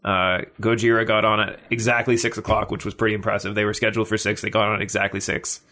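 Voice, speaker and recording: A tired man, a podcast co-host telling a long story in casual chat, halting and restarting as he goes. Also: fairly low pitch, flat delivery, sharp tone.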